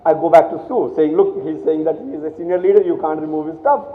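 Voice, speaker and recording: A middle-aged man from India tells stories to a room of students and acts out the dialogue as he goes. He stumbles and restarts often, and his voice sits high. The sound is thin and phone-like, and the hall echoes for a long time after each line. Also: fast. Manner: storytelling with quoted dialogue, many restarts. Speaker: guest speaker. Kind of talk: motivational talk to students. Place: college hall.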